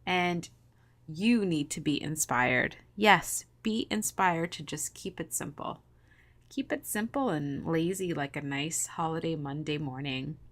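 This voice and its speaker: A chatty woman in her thirties talks viewers through her scrapbooking in a low, just-woke-up morning voice. She rambles happily through asides and laughs easily, keeping things casual and upbeat. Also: unhurried. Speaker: scrapbooking video host. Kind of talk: casual chat to viewers while crafting.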